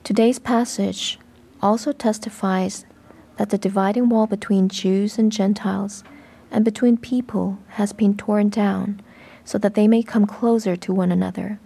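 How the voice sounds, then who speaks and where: A woman reading a translated sermon in a measured, even way. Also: medium pitch, creaky, breathy edge. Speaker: voice-over reader of a sermon.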